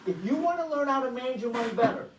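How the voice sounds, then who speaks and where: A woman giving an energetic money-management workshop presentation, often asking the audience rhetorical questions. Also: sits high, rapid-fire, noisy background. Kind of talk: motivational presentation. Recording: echoey room, voice far from mic.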